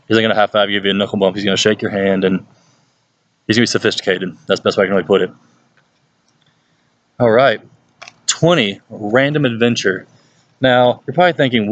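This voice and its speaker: A man's voice: no echo, muffled recording. Chatty Mississippi man, dry close sound. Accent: Southern US (Mississippi). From Hattiesburg, Mississippi, USA. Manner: chatty and playful, jumps into exaggerated high-pitched voices when quoting people. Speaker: youth pastor. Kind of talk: casual advice vlog. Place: at home, with his dog nearby.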